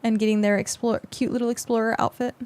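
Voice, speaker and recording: A woman's voice: fairly high pitch, level tone, fast talker, a little mellow. A young adult woman streamer chatting casually with her viewers on a close mic, rambling with lots of fillers. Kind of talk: casual livestream chat with viewers.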